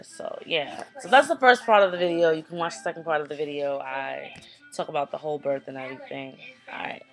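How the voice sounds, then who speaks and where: Chatty young woman telling a story. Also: low voice. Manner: chatty, animated retelling with quoted voices. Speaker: vlogger. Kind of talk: casual storytelling to camera.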